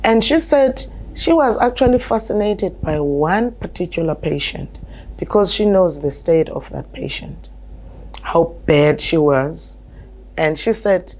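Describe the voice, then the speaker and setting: A woman's voice: on the low side, animated, a little slow, darkish tone, a little hiss or hum. Emphatic woman. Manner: emphatic and insistent, with frequent word repeats. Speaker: alternative health practitioner. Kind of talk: conversational storytelling.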